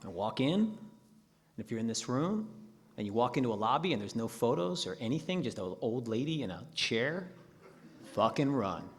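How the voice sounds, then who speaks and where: A man's voice: mid-range voice, very animated, moderate pace. A man telling his own recovery story at a meeting as a joking, profane storyteller.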